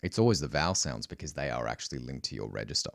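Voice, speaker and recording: A man's voice: very deep voice, expressive, quick pace, creaky. A man with an Australian accent, teaching singing in a loose, casual way, full of restarts and filler words. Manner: explains in loose spoken asides, with many restarts and filler words. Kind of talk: casual vocal lesson.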